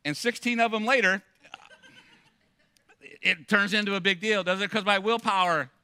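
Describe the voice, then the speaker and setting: A man preaching as a pastor, telling stories in an animated, self-mocking way with many restarts. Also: high voice, normal speed, clean tone, dry recording. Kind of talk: sermon.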